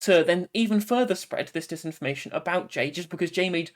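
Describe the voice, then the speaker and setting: A commentator narrates a video at a fast clip, laying out criticisms assertively. The voice sits in a middle pitch. The tone stays pointed and sure. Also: animated.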